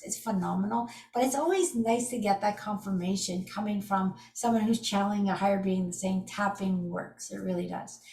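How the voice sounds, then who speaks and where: A middle-aged woman teaches an energy healing method, telling stories enthusiastically and casually with lively asides. Her mid-range voice is picked up from a distant mic in an echoey room.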